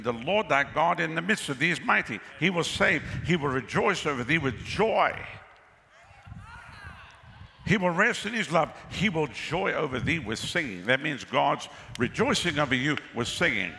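A male pastor preaches with a gravelly, bright, forceful voice set a little high, exclaiming and calling out to his crowd for answers. His sermon rings with a long reverb, and faint ambient noise sits underneath. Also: lively intonation, moderate pace. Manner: exclamatory, calls to the crowd for responses. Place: outdoor pavilion with a crowd.

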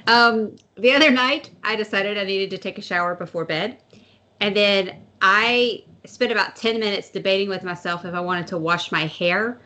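A woman's voice: medium pitch, normal speed, bright, forceful tone. A woman co-hosting a podcast, telling a funny story about herself in casual chat. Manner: self-amused storyteller. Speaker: podcast co-host.

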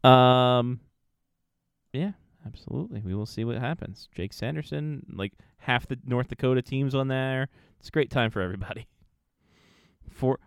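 A man's voice: medium pitch, clean tone, no echo, clean studio sound. A man co-hosting a casual hockey podcast, rambling with fillers and swearing freely. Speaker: podcast co-host. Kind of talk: casual sports chat.

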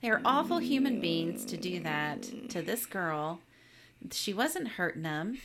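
Lively woman chiming in on a podcast. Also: lowish voice, a little slow, noisy background. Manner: reactive, chiming in with short comments and laughs. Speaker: podcast co-host. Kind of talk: casual movie chat.

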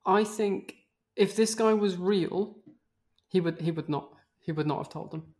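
A woman's voice: lowish voice, a little slow, darkish tone. Chatty woman, casual podcast co-host. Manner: chatty, reactive, uses lots of "like". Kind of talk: casual chat.

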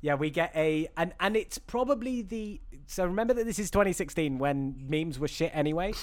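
A man's voice: fairly high pitch, animated, fairly quick. A man co-hosting a podcast, chatting about a film in a hesitant way with many fillers. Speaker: podcast co-host. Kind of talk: casual chat about a film.

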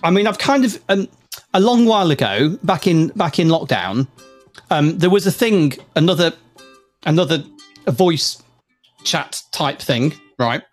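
A man hosts a casual live chat show and rambles freely, full of fillers and false starts. His voice sits a little high. Faint music plays under the talk. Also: big pitch swings, a little slow. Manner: rambling, chatty, lots of fillers and restarts.

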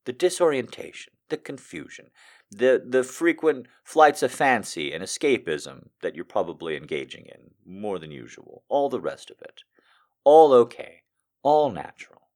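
Brief: male streamer, lively swooping delivery, earnest pep talk turning into loud jokey rants. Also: mid-range voice, moderate pace. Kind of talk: casual live-stream chat and reading aloud.

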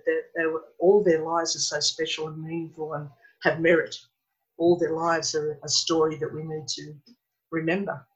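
A woman's voice: on the low side, highs cut off. A woman, talking earnestly and with feeling in a conversation. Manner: earnest, impassioned storytelling. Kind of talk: emotional conversational chat.

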